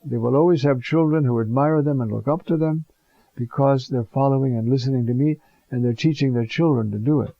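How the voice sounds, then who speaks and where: A priest voicing the Lord as a calm, kind man giving plain advice. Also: mid-range voice, brisk, gravelly, no room sound, dull audio, natural voice.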